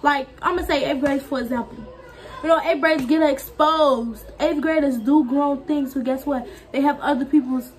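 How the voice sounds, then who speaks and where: Young woman vlogger, candid and chatty, high voice. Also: fairly even intonation, moderate pace. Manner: candid, talkative, heart-to-heart. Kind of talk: casual chat.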